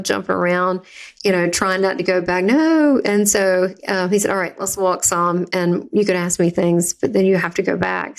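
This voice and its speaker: A woman with a Southern US accent tells a personal story as a podcast guest. Her delivery is chatty and vivid, and her voice sits in an ordinary middle pitch. She acts out the voices she quotes. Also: creaky.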